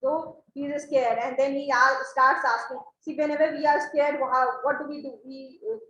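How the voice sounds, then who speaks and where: A woman's voice: high voice, steady tone, normal speed, sharp tone, muffled recording. A woman teaching a play, explaining each line patiently and often checking with "right?". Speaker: English literature teacher. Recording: roomy echo, faint background hum.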